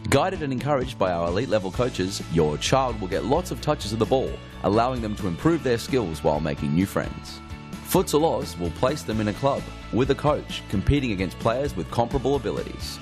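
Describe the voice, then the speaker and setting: A man's voice: very animated, a little fast. Man reading an upbeat ad over music. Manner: upbeat, persuasive pitch. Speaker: advertisement voice-over. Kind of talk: scripted ad read. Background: guitar music.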